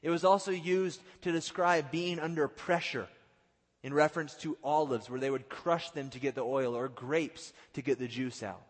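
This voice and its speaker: A male pastor preaching a sermon, swinging from loud outbursts to hushed, drawn-out lines and acting out the quotes. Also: fairly high pitch. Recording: long hall reverb.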